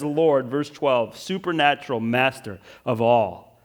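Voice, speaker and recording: A male pastor preaching a sermon, moving between urgent emphasis and quiet, drawn-out phrases, often checking in with listeners. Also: medium pitch. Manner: swings from loud and urgent to hushed and slow, with frequent "right?" asides.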